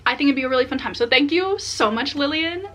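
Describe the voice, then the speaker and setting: A young adult woman vlogging casually as she unboxes books, excitable and chatty with many filler words. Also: high-pitched, fast. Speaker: book vlogger.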